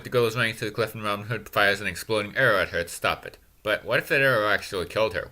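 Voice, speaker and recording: A man giving a sarcastic, self-mocking comedy recap of a movie in a deadpan, snarky way. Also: fairly low pitch. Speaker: movie reviewer.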